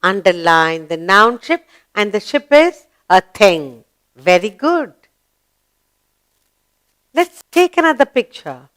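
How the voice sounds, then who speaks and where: A woman teaching a slow grammar lesson to young children, singsong and encouraging, asking questions and answering them herself. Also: medium pitch, big pitch swings, fairly bright tone, clear, resonant tone. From India.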